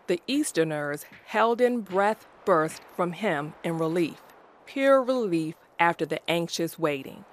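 A woman reading a classic story aloud as narrator, in a slow, deliberate way. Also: lowish voice.

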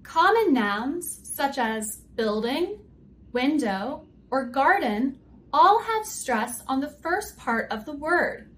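A woman co-hosting a scripted grammar lesson, speaking clearly and deliberately. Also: sits high, very animated. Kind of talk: scripted educational dialogue.

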